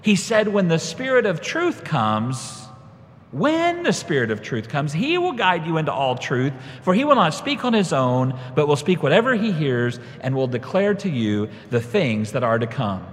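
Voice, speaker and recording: A man delivers a sermon in a storytelling manner, weaving a personal story into scripture. His voice sits a little high for a man. The sound carries the long reverb of a large hall. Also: wildly swooping pitch, moderate pace. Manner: storytelling, rises when quoting himself. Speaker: preacher.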